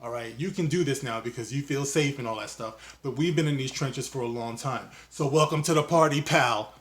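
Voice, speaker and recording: Loose, mocking male video host. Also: medium pitch. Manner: loose and mocking, quick asides, sings and jokes. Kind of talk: casual opinion monologue.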